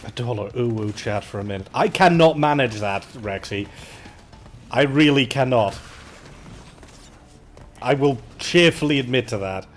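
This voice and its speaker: Brief: self-mocking male streamer, mid-pitched voice, casual banter, faint game music underneath. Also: lively intonation, measured pace, pauses often. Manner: joking, self-mocking, chats with viewers. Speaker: charity livestream gamer. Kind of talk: casual livestream chat.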